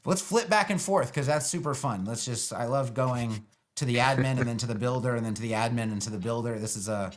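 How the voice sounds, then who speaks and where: A man thinking out loud through a live web-building demo, loose and sarcastic, with lots of fillers. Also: medium pitch, a little fast. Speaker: web design educator building a page live. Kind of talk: casual live screen-share tutorial.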